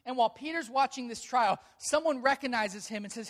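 A pastor delivers a sermon to a gathered congregation. The voice sits at a middle pitch and leans hard on key words, earnest and emphatic as the story unfolds. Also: brisk, few pauses.

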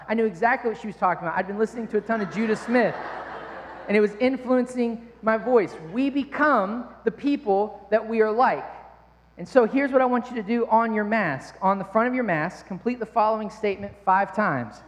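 A man's voice: sits high, fairly quick. A man preaching a sermon in church, talking in a conversational way with playful asides. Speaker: pastor. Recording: long reverb of a large hall.

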